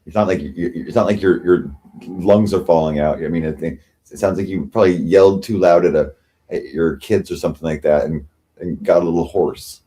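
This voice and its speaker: A man's voice: deep voice, fairly even intonation, brisk, dark tone. A man hosting a livestream, ranting sarcastically and with self-pity, often mocking others. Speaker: livestream host. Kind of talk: rambling livestream rant.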